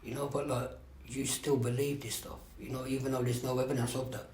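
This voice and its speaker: A man talks openly and loosely, swearing and circling back with "do you know what I mean". His mid-pitched voice carries through an echoey meeting room, with a faint background hum. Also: level tone, fairly quick, darkish tone. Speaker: speaker sharing at a recovery meeting. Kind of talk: candid personal share.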